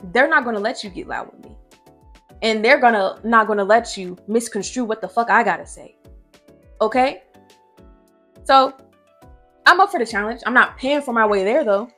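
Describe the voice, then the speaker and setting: A woman's voice: mid-range voice, fairly bright tone. A young woman commentator ranting brashly and profanely from her own room at home, with faint music behind her. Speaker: online commentator. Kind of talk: heated reaction commentary.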